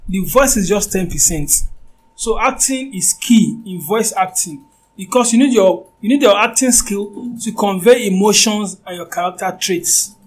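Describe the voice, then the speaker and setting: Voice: medium pitch, lively intonation, moderate pace, a little hiss or hum, rough recording. A voice acting teacher giving an informal lecture, talking conversationally and often checking that the listener understands.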